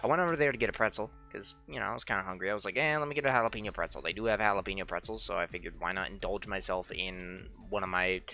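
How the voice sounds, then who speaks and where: A young man hosts a let's play, telling a rambling, chatty story over gameplay with faint game music in the background and acting out the people he quotes. His low voice is sharp in tone, with vocal fry, and he talks fast with few pauses.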